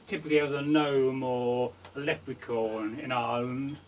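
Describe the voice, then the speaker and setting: A man's voice: medium pitch, steady tone, moderate pace, recorded from a distance, slight background noise. A man co-hosting a vlog in casual chat, hesitant and agreeable, often repeating words. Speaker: vlog co-host.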